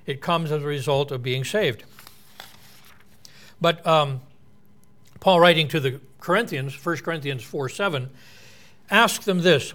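A man's voice: fairly high pitch, measured pace, pauses often, a bit bright. A man preaching a sermon in an earnest, explanatory way, quoting and unpacking scripture.

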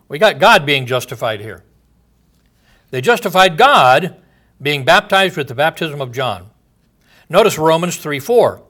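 A male pastor preaching a sermon, his voice bright and forceful and set a little higher than most men's. He reads scripture aloud and presses his points with emphatic rhetorical questions. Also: lively intonation, moderate pace, long pauses.

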